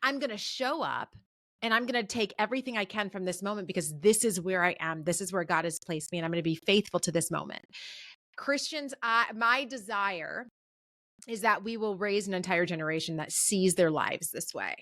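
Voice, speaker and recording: A woman's voice: mid-range voice, brisk, fairly bright tone, no room sound, clean studio sound. A woman in her thirties, a communications professor, speaking as a guest on an interview podcast with emphatic, preacher-like encouragement.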